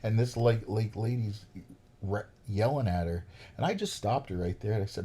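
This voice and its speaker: Podcast guest: deep, husky New man telling profane, ranting stories. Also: animated, normal speed, warm tone. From New York. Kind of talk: storytelling chat.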